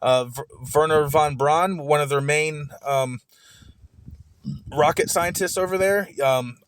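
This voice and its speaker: A man's voice: a little high, slight background noise. A man giving heated, profanity-filled commentary, often stammering and repeating words as he reacts to a recorded argument. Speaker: streamer reacting to a recorded debate.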